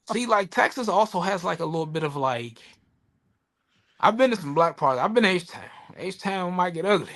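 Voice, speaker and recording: A man co-hosting a podcast, chatting casually, telling animated stories, swearing freely and acting out the voices of people he quotes. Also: high voice, moderate pace. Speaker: podcast co-host. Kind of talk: casual chat.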